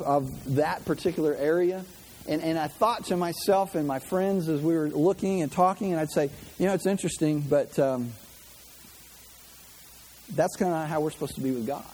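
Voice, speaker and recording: A man preaching a sermon to his congregation in a conversational, animated way, often restarting his phrases. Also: a little high, slight background noise, poor audio. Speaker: pastor.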